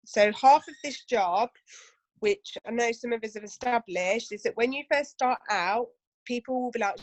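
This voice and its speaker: A woman's voice: fairly high pitch, normal speed, no echo. A woman running a casual training session for her team, chatty and full of asides and rhetorical questions.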